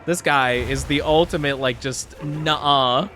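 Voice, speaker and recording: A man's voice: on the high side, unhurried, soft background music. A young man chatting playfully with his chat while streaming a game. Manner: playful, excitable, reacts loudly to chat. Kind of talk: casual game livestream chat.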